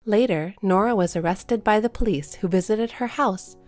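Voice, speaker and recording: A woman telling a first-person story in a calm, matter-of-fact way. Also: mid-range voice, normal speed, music in the background. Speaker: narrator.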